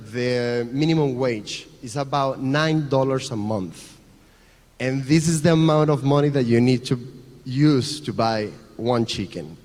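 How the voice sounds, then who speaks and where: A man with a Venezuelan Spanish accent, a non-native English speaker, giving an earnest conference talk and repeating phrases as he explains. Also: mid-range voice. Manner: earnest, repetitive, restarts phrases while explaining. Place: large conference hall. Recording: long reverb of a conference hall.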